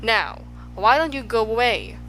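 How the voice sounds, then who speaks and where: A woman's voice: on the high side, expressive, measured pace, a bit bright, soft background music, low-quality recording. A woman voicing a fussy, indignant male spelling bee in a storybook, scolding and sneering. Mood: scornful.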